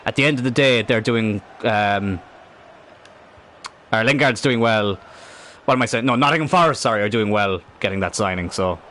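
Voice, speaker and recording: A man streams a football video game, chatting and reacting as he plays. He rambles between asides and swears at the game. His voice has a bright, forceful edge. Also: fairly low pitch, normal speed, long pauses. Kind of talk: live gameplay commentary.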